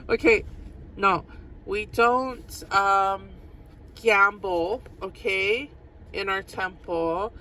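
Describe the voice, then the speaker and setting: A woman's voice: mid-range voice, sharp tone, slight background noise, poor audio. A woman giving a casual tarot reading to her viewers, chatty and giggly, repeating phrases for emphasis. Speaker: tarot reader.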